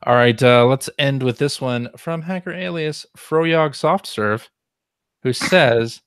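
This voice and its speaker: A man in his forties hosting a podcast, relaxed and chatty as he reads listener questions aloud. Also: mid-range voice, slow, clean tone, dry recording, studio quality. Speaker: podcast host. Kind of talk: casual podcast chat.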